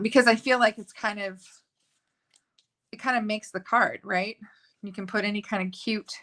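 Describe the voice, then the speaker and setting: A woman leads a live card-making tutorial in a bright, forward voice at a middling pitch. She chats and gushes as she works, filling pauses with little ums. Her talk rambles happily from one idea to the next. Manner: chatty and gushing, with frequent fillers. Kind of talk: live crafting tutorial chat.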